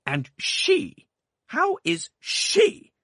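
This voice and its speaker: A man doing a stern, impatient old aunt who barks her questions in a raised, husky voice. She snaps and scoffs at everyone around her. An audiobook character voice, bone dry. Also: a little high, wildly swooping pitch, slow pace, pushed and bright, dry recording, voice pushed up, heavily acted. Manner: snapping, scornful outbursts. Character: fierce sharp-tongued older aunt, impatient and severe.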